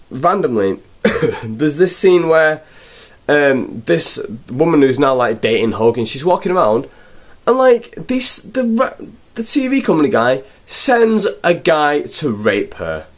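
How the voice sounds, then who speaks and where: A man's voice: mid-range voice, sing-song, unhurried. A young man reviewing a film in a rambling, sarcastic, casual way. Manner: rambling, sarcastic, full of fillers.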